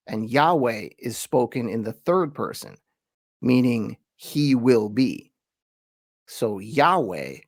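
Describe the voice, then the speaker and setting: Male teacher-host, mid pitch, casual explainer, slows for emphatic quotations, dry close mic. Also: no echo. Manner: reads quoted verses slowly with emphasis; relaxed, chatty explaining with asides. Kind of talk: conversational lesson.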